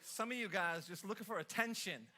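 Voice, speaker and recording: A man's voice: high voice, fairly quick, pushed and bright, slight background noise. A man from the Los Angeles area preaching a sermon, telling stories and teasing his congregation in a playful, joking way. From Los Angeles area, USA. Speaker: pastor. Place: church service before a congregation.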